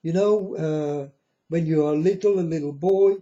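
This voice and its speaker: This man hosts his own channel and launches into a blunt, scornful, preachy ranting monologue, recorded in dull lo-fi. His voice is a little high and warm, and he doesn't hurry.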